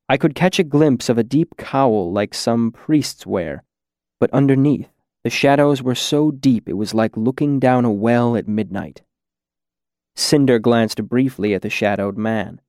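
A male narrator reads a fantasy story slowly and deliberately, his voice gravelly with fry. The recording is dry and close. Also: medium pitch, darkish tone, no room sound. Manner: measured, deliberate reading. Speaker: audiobook narrator.

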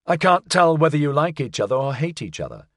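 A man voicing a young woman who is defiant and sharp-tongued, in an audiobook. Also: a little high, very animated, fairly quick, dry recording, studio quality, pitched above the performer's own voice. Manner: assertive, indignant.

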